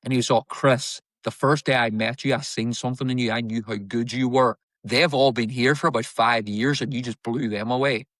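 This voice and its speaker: A man speaks quickly in a candid interview, piling up emphatic repetitions. His voice sits at an ordinary pitch, and the sound is dry and close, with no room around it. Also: steady tone, fairly bright tone, no room sound. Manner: fast, repetitive, emphatic, swears casually. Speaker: actor and filmmaker guest.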